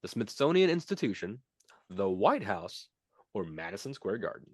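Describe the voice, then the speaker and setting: A man's voice: fairly low pitch, very animated, moderate pace, darkish tone, no echo, studio quality. A young man co-hosting a podcast, casually and playfully reading out trivia quiz questions and teasing his co-host.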